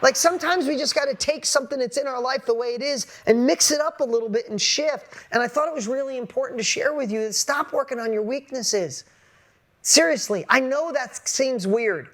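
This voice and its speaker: A man giving a blunt, energetic motivational talk to an audience as a business coach, casual and swearing freely. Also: very high voice, brisk.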